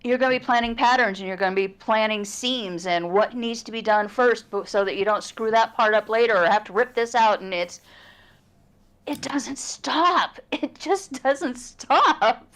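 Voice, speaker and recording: A woman co-hosting a casual livestream as its producer, chatty and quick to laugh. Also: mid-range voice, steady tone, clear, resonant tone. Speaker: producer and co-host.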